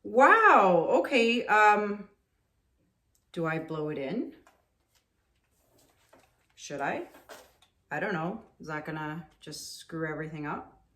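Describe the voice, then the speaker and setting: Slow-talking woman narrating her painting. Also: fairly low pitch, sing-song, pushed and bright. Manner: self-talk, frustrated and chatty, trailing off. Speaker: acrylic pour painting vlogger. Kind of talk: casual talk while painting. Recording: roomy echo, faint ambient noise.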